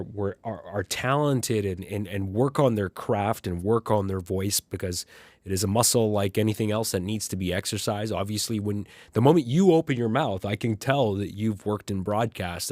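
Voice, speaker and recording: A man's voice: on the low side, normal speed, a little mellow, dry recording, clean studio sound. A man co-hosting a casual podcast chat, asking earnest questions and restarting his sentences often. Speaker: podcast co-host.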